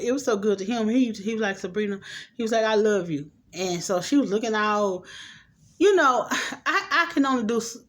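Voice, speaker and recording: A middle-aged woman casually recapping a TV episode, acting out the characters' lines with slangy, animated asides. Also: mid-range voice. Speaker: show recap host.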